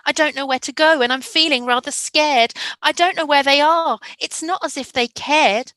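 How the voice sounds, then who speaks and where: A woman reading as a small lost child, frightened and plaintive, with a voice pitched well above her own. The tone is bright, and the sound is dry and close. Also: lively intonation, a little slow, no room sound. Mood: scared. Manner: high, plaintive, fading to quiet.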